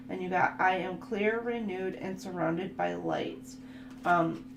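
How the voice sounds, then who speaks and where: A woman talks through an oracle card reading in a relaxed, chatty way, reading card text aloud and often breaking into laughter. Her voice has a gravelly, creaky texture. The room is echoey, with a steady hum underneath. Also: fairly low pitch. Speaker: tarot reader.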